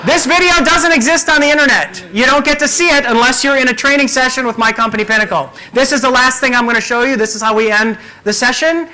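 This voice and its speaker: High, bright-voiced male keynote coach. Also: fast talker, few pauses, low-quality recording. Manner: energetic, emphatic presenter. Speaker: communication coach. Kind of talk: conference keynote.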